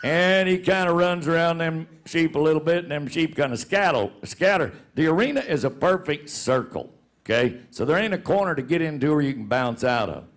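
A man's voice: a little high, animated, a little fast. A man and show regular telling a funny story in a folksy way, laughing as he goes. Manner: folksy, laughs through his own story. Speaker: rodeo announcer and show regular. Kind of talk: comic storytelling.

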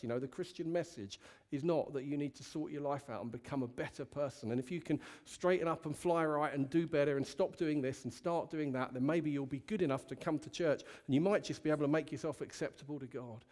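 A male pastor preaches to his congregation in a relaxed, candid and conversational way. His voice sits a touch high for a man, and he keeps the talk loose and storytelling in tone. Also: a little fast. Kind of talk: sermon. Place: church hall with a congregation.

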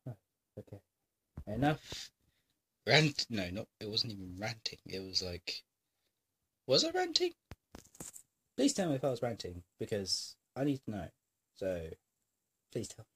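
A man with a sore throat and a nagging cough, rambling in a scattered, self-deprecating way to his camera and clearing his throat often. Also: fairly low pitch, measured pace, pauses often, fairly bright tone. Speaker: vlogger. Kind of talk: rambling casual monologue to camera.

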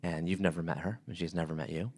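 A man hosting a podcast interview, chatty and animated. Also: deep voice, fast talker. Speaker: podcast host. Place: Brooklyn brownstone.

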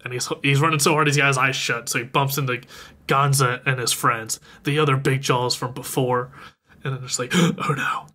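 Bright-voiced man animatedly recapping a film. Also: mid-range voice, a little fast. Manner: animated retelling, acts out characters' lines. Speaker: podcast co-host recapping a film. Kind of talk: casual chat.

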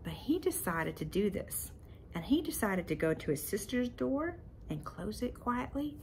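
Mom podcaster telling a faith story, lively and emotional, mid-pitched voice, chatting right to listeners. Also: female voice, normal speed, gravelly, slight background noise. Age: adult parent. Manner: animated, emotional, talks to listeners directly. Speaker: podcast host.

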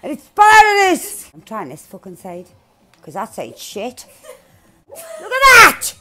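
A woman giving loud, excitable gameplay commentary, swearing freely, shouting and laughing. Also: mid-range voice, a little slow. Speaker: gaming channel host.

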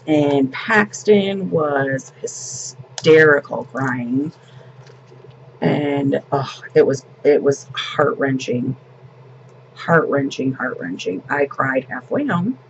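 A woman's voice: a bass voice, takes it slowly, muffled recording, slight background noise. A woman in her fifties, a grandmother and vlogger, telling a family story in casual, rambling chat.

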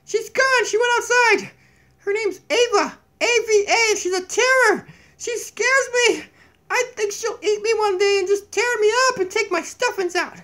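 A squeaky, giggly donkey puppet. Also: male voice, a little slow, sharp tone, full character voice. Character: silly fart-obsessed male donkey puppet, jumpy and easily scared. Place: downstairs home kitchen. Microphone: tablet camera mic.

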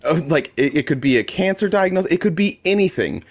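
A man's voice: on the high side, expressive, quick pace. A man co-hosting a casual political talk show, sarcastic and swearing freely as he mocks what he watches. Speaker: co-host.

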